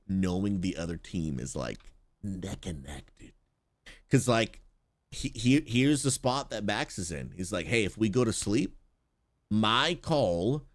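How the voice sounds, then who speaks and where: A man who is a pastor and streamer, chatting casually and excitedly as he reacts to game footage and thanks viewers, calling them bro and dude. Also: low-pitched. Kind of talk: casual livestream reaction chat.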